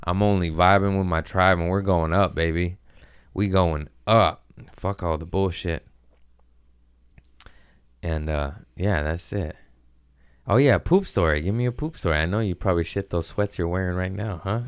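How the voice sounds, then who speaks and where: A man's voice: deep voice, normal speed, pauses often, clean tone, no room sound, clean studio sound. A man hosting a podcast, chatting casually with loose, profane, jokey storytelling. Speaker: podcast host. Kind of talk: casual chat.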